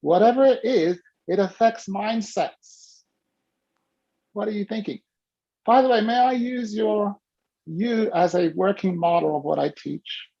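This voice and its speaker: A woman hosting a casual video-call workshop, talking in a playful, teasing, animated way. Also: mid-range voice, unhurried, husky, dull audio. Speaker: host and coach.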